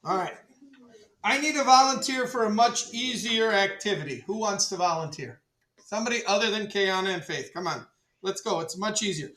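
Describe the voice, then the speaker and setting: A male chemistry teacher running a classroom demonstration, joking with students, repeating "all right" and calling the class ladies and gentlemen. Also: sits high, lively intonation, moderate pace. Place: school classroom. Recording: echoey classroom from far off.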